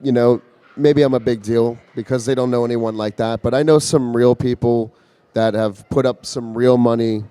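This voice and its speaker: A man with a mellow, warm voice talks in a loose, rambling way, often stopping and restarting his sentences. The sound is dry and close, with little room around it. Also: mid-range voice, dry recording. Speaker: interview guest. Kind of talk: casual conversation. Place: convention floor.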